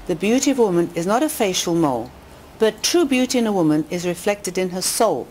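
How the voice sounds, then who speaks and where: Lively woman storyteller. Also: fairly quick, slight background noise. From England. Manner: lively storyteller who rises in pitch on quotes and punchlines. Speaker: speaker addressing a women's audience. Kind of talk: inspirational talk with jokes and stories. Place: community hall with a live audience.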